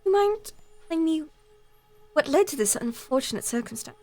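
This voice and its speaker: Female player, slightly high voice, playful in-character role-play. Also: lively intonation, moderate pace, a little mellow, soft background music. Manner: playful, speaks partly in character as a rich mother.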